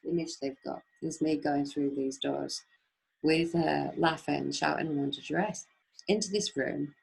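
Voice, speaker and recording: Woman, deep, raspy, husky, casual storytelling, acts out quoted voices. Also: rough recording. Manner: animated, acts out quoted voices, many restarts. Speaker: webinar speaker.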